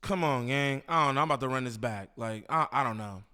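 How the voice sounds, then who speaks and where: A man's voice: medium pitch, brisk, bright, forceful tone, smooth. Incredulous slangy man reacting to a clip. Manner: incredulous, slangy, repeats himself, laughs. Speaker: commentary host reacting to a clip. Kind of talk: casual reaction commentary.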